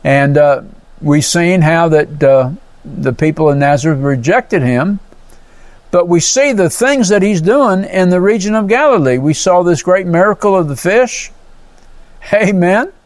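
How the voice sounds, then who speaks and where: A man's voice: high voice, animated, measured pace, dry recording. A male pastor preaching a sermon, teaching verse by verse with frequent amens and praises. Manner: teaching Bible verse by verse, explaining Greek words.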